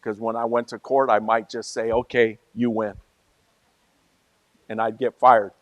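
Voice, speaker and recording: A male pastor preaching a sermon in a conversational way, moving from soft asides to loud, emphatic peaks. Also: medium pitch, level tone, fairly quick, no room sound, highs cut off.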